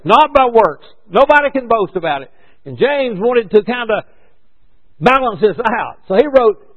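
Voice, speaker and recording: High, lively male preacher. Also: measured pace. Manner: conversational, rhetorical questions, corrects himself. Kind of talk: sermon. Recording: dull lo-fi recording.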